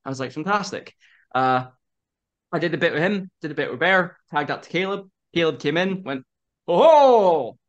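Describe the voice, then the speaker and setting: A young man in his twenties chats on a video-call podcast in a fairly high voice. He tells a story in quick, animated bursts and laughs often as he goes. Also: lo-fi sound. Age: 20s. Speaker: guest wrestler. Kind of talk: casual interview chat.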